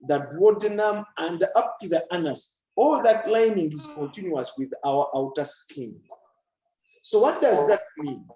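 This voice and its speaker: A man's voice: high voice, warm tone, reverberant, poor audio. A man teaching a biology lesson in an online class, often asking a question and then answering it himself.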